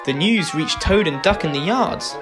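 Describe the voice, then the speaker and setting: A man narrating a children's storybook tale in an expressive, varied manner. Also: a little high, normal speed. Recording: music behind narration.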